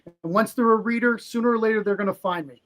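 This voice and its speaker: Quick, high-voiced upbeat man. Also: fairly bright tone. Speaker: comic shop owner. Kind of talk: casual podcast chat.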